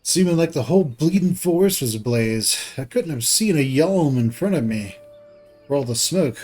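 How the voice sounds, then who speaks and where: A man voicing a gruff, rough-spoken mount breeder in a game reading, with a put-on, shaky Eastern European accent and rambling, folksy storytelling. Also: a little high, lively intonation, moderate pace, darkish tone, faint music behind. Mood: earnest.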